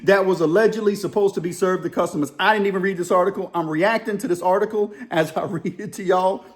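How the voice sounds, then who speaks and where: A middle-aged man with a New Orleans accent, reacting to a news story in casual, slangy talk. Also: high voice. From Louisiana, New Orleans area. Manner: casual storytelling, drawling slang, quick laughs. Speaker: commentary video host. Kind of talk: reaction commentary.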